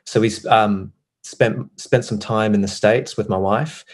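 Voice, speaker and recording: Man, thirties, lowish voice, podcast guest, relaxed, hesitant, lots of ums. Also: a little slow. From United Kingdom. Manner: relaxed, hesitant, many fillers and restarts. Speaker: podcast guest, former pastor. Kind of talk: casual interview conversation.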